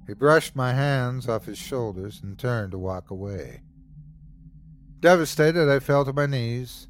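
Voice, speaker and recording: A male podcast host narrates a horror story in measured, dramatic tones. His delivery is slow, and his pitch rises and falls expressively from line to line. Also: animated, slight background noise.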